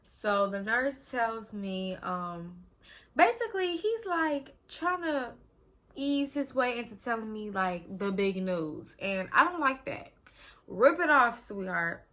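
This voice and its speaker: A young woman, casually telling a personal story in an animated, slangy way that acts out what people said. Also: on the high side. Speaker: vlogger telling her birth story.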